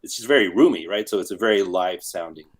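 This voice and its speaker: A man's voice: low voice, expressive, fast talker. A man guest on a live music panel, rambling and thinking aloud with many restarts. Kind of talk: casual panel discussion.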